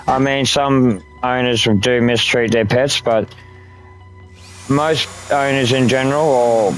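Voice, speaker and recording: A man's voice: medium pitch, low-quality recording. A man chatting casually while gaming, rambling and swearing a lot. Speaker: gaming streamer.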